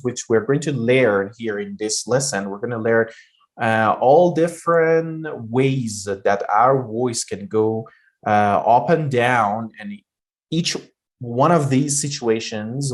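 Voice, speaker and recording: A man teaching pronunciation in a deliberate way, repeating phrases to show how the voice rises and falls. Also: mid-range voice. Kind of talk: slow spoken lesson.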